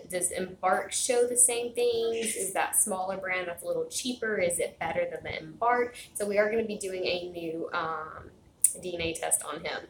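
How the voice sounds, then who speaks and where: A woman's voice: on the low side, echoey room, a little hiss or hum, poor audio. A woman chatting casually to her viewers at home, rambling with lots of fillers and restarts. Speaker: vlogger. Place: home, indoors. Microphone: phone camera.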